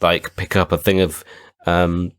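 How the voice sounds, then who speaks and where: A man's voice: deep voice, flat delivery, a little slow, fairly bright tone, no room sound, clean studio sound. A man co-hosting a podcast, chatting casually with lots of laughs and fillers. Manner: laughing, rambling, many fillers. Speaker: podcast co-host. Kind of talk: casual chat.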